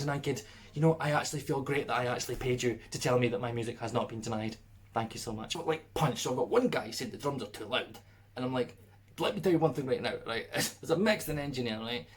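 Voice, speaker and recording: A musician in a casual vlog, sarcastic, laughing and swearing. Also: male voice, mid-range voice.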